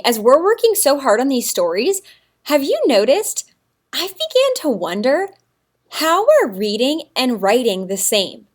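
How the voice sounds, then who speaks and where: A woman teacher giving a recorded writing lesson to young children, in an exaggerated, encouraging sing-song manner. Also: high voice.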